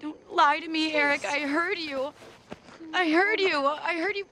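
A woman's voice: high voice, steady tone, a little slow, bright, forceful tone, a little hiss or hum. An actress playing a frantic, jealous young woman who screams accusations in a film scene. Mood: furious. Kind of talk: film dialogue.

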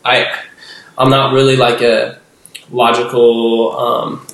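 A man's voice: medium pitch, little pitch movement, slow, vocal fry, fairly bright tone. A young man talking casually as a podcast guest. His voice sits in the middle range, and he rambles, leaning on "like" and restarting his sentences. The recording has a noticeable roomy echo. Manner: rambling, heavy use of "like" and restarts, acts out voices. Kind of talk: casual interview talk.

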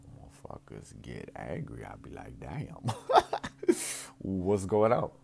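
A man's voice: very deep voice, huge pitch swings, normal speed, creaky, a little mellow, slightly rough. A man hosting a podcast, giving a blunt, profane, rambling monologue. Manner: profane, blunt, repeats himself. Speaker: podcast host.

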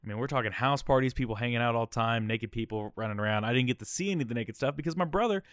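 A man's voice: mid-range voice, rapid-fire, fairly bright tone, smooth, no echo, clean studio sound. A man around thirty, a podcast host telling a personal story in a candid, rambling way, often checking in with "okay?" and "all right?".

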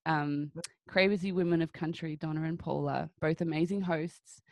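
Gravelly-voiced Australian woman host. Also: low-pitched, steady tone, moderate pace, darkish tone, no room sound. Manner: chatty, laughs often. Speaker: podcast host. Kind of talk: casual interview chat.

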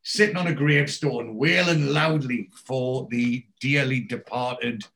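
A man's voice: mid-range voice, a little slow. A man hosting a podcast, recapping a TV episode casually and acting out the characters' lines as he goes. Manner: animated storyteller acting out quoted lines. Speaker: podcast host.

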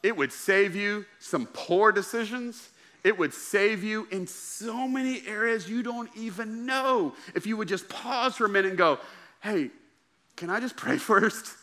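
A young adult man, preaching a sermon in an energetic, folksy way, with asides to the congregation. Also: high-pitched, a little slow. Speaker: pastor.

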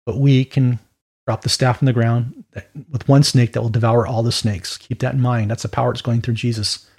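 A man preaching an informal Bible teaching in a conversational, animated way with quick asides. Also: medium pitch, vocal fry, slightly rough.

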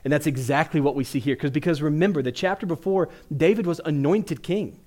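A man's voice: fairly high pitch, brisk, a little mellow. A man preaching a sermon, who retells a Bible story by acting out its characters in casual modern speech. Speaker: pastor.

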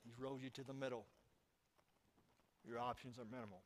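A man's voice: mid-range voice, level tone, fairly quick, slight background noise. Guy preaching a sermon, storytelling, asks the crowd stuff, medium voice. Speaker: pastor.

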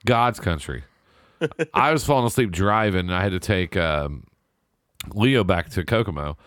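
A middle-aged man with a somewhat low voice swaps stories in a relaxed, casual chat. He slips into the voices of the people he quotes, and the recording is dry and close. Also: unhurried, no echo.

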